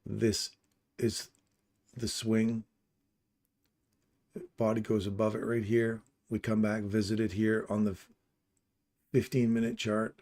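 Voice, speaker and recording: A man's voice: lowish voice, level tone, slow pace, pauses often, a little mellow. A man casually commenting on a live trading stream, reading out and answering viewers' chat messages by name. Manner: upbeat and chatty, laughs easily.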